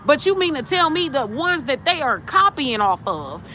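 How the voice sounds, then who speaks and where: A woman's voice: sits high, moderate pace. A woman, a tarot channel host giving blunt, profane commentary in a casual rant. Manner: blunt, profane and animated, talking straight at the camera. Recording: noisy, with traffic sounds outside.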